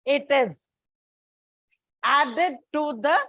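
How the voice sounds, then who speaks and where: A woman teacher giving a classroom lecture on English, speaking deliberately, listing examples one by one and calling her students children. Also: sits high, no echo. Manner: slow, deliberate, repeats and lists examples. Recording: dull, lo-fi sound.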